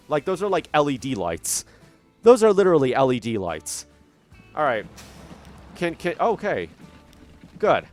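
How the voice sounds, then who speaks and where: Chatty man talking over game music. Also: on the high side. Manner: chatty, self-mocking, thinking aloud with restarts. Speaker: gaming channel host. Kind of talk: casual gameplay commentary. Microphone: desk microphone at a computer.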